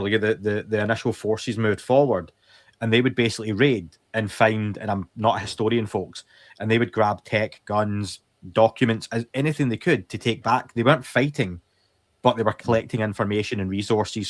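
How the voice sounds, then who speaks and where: A man speaking as a podcast guest in casual chat, relaxed and quick to add disclaimers. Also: on the low side, no room sound.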